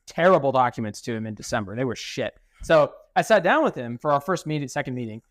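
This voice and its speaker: A man's voice: medium pitch, lively intonation, quick pace, dry recording. Young man, podcast co-host, casual storytelling, salty language, dry close sound. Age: young adult. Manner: swears freely and acts out quoted dialogue.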